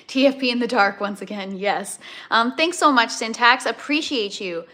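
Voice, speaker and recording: A woman's voice: on the high side, measured pace, sharp tone. A woman hosting a casual home livestream from her grow tent and kitchen, chatting, laughing often and greeting viewers by name. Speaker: livestream host.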